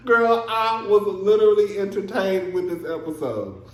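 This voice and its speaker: A young man talks through a reality TV episode in a casual, animated way, often bursting into laughter. His voice sits a little high for a man. The sound bounces around an echoey room. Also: measured pace. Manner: animated, laughing, acts out scenes in exaggerated voices. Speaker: reality TV recap host. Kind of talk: casual recap commentary.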